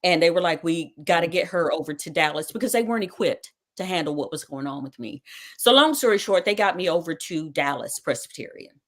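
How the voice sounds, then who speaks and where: A woman hosting a talk show recounts her own ordeal as a personal testimony, with a somewhat low voice. She tells it dramatically and acts out the lines people said to her. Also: animated, brisk, a bit bright. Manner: dramatic retelling with quoted dialogue.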